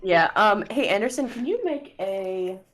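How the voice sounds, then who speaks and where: A woman's voice: mid-range voice, expressive, unhurried. A woman narrating a tabletop game as game master, casual, laughing and swearing.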